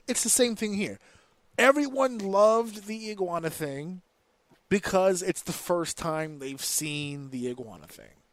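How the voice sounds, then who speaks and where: A man co-hosting a casual wrestling podcast, talking in an animated, profane and opinionated way. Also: fairly high pitch, dry recording. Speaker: podcast co-host.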